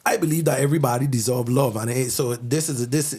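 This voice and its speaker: A man's voice: mid-range voice, fast, breathy edge. A man from the Virgin Islands with a Virgin Islands accent, a songwriter chatting as a podcast guest and acting out other people's voices as he tells stories. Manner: animated storytelling, acts out voices of others. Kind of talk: casual chat.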